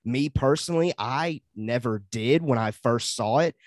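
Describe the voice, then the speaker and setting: A man's voice: mid-range voice, dry recording. A man hosting a podcast in casual chat, upbeat and laughing easily as he leads into the next topic. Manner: upbeat, laughs often, quick transitions. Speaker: podcast host.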